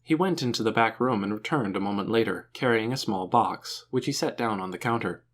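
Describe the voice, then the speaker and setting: A man narrating an audiobook with an expressive, animated reading. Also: lowish voice, a little fast.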